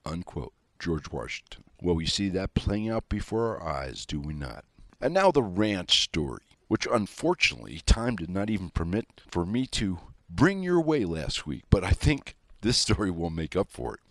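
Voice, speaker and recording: A man's voice: sits low, big pitch swings, normal speed, a bit bright, no room sound. A man hosting a political talk show, telling folksy stories in the manner of a country rancher. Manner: folksy storytelling, self-styled country rancher.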